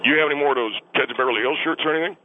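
A man's voice: a little high, rapid-fire, natural voice. Man doing a defensive middle-aged male caller, rambling, touchy, comedic radio bit, thin phone line, faint hiss. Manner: defensive, rambling, touchy about being laughed at. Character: indignant middle-aged male caller suing his hygienist. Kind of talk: comedic radio call-in character.

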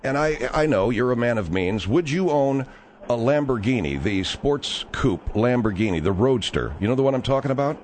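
A man hosting a call-in radio show, talking in a halting, placating way with many fillers. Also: mid-range voice, lively intonation, a little mellow, slight background noise. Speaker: radio talk show host.

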